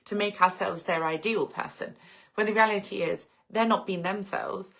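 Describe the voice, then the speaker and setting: A woman's voice: medium pitch, normal speed, gravelly, fairly bright tone. Thirtysomething english woman on a livestream, musing, reading out her viewers' comments and replying. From England. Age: 30s. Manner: reflective, reads viewer comments aloud and answers them. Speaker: livestream host. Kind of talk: casual livestream chat.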